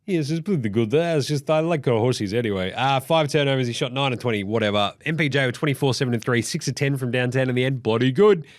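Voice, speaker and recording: A young Australian man hosting a casual sports recap, sweary, excitable and jokey. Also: medium pitch, fast talker, hardly any pauses, dry recording, studio quality. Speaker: host.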